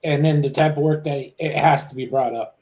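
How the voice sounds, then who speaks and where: A man with a somewhat high but mellow voice joins a casual TV discussion. He speaks in a measured way and calmly disagrees with the host. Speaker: panelist on a review chat. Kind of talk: casual chat.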